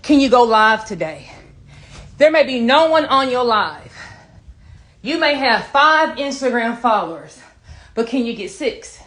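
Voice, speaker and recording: A woman's voice: on the high side, fairly bright tone. A woman giving casual, emphatic business advice on a live stream while out of breath, calling listeners baby and honey. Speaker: business coach. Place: outdoors in a front yard.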